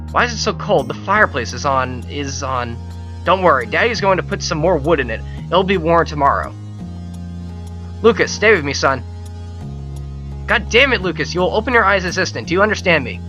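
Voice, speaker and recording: A man reading aloud the lines of a game's father figure begging his dying son to answer, pleading and shouting out in despair. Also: on the high side. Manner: pleading, breaking into desperate shouts.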